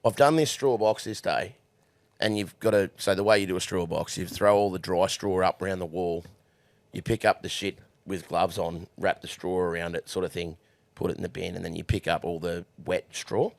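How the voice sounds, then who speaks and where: A man's voice: sits low, steady tone, moderate pace, gravelly, dry recording. A young Australian man, a horse trainer, telling crude stories with lots of swearing and laughter in a casual podcast chat.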